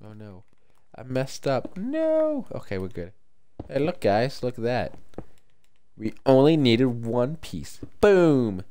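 A tired man chatting casually to his viewers while streaming a game, rambling and thinking out loud. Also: mid-range voice, expressive, slow, clear, resonant tone. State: tired, yawning. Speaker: livestreamer. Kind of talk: casual gameplay commentary.

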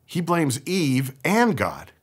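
Lively storytelling pastor, a man. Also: on the high side, takes it slowly, breathy edge. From San Francisco Bay Area. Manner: storytelling, conversational and humorous. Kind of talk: sermon.

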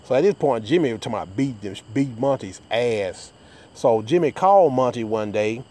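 A man, talking to his viewers in a loose, profane rant. His voice sits at a middling pitch, and he rambles and stumbles over restarts as he goes. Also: animated, normal speed, dark tone. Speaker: vlogger.

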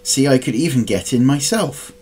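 A man's voice: medium pitch, lively intonation, moderate pace, a little mellow, slight background noise, lightly acted. A man reading a storybook aloud and voicing a scolding, wicked old female witch. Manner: scolding, impatient.

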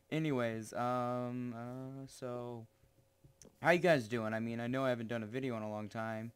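A teenage boy hosting his own gaming channel, rambling through gameplay commentary with jokes and sudden excited yelps. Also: mid-range voice, normal speed, clear, resonant tone. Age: teens.

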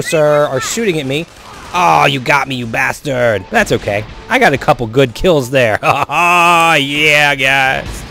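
A young man commentating his own shooter gameplay as he plays, swinging between low muttering and excited whoops. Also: a little slow, vocal fry, soft background music. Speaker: gaming video host.

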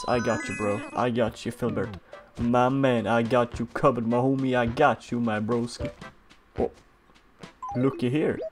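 A chatty male gamer narrates his play with loose, excitable energy, often swearing. His pitch jumps around a lot. Cheerful game music sits clearly under his voice. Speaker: gaming streamer. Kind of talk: casual gameplay commentary.

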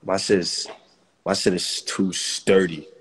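A man's voice: deep voice, little pitch movement, a little slow, slight background noise. A man in his twenties, chatting casually on a livestream and joking trash talk at his viewers. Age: 20s.

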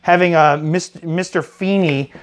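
A man hosting a casual card game review, reading cards aloud with excited reactions. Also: fairly high pitch, unhurried. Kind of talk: casual chat.

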